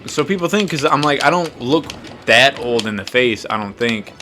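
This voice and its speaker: A man's voice: mid-range voice, expressive, normal speed, music in the background. A man in his twenties telling a rambling, profane, self-mocking story in a casual chat while gaming. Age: 20s. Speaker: podcast host.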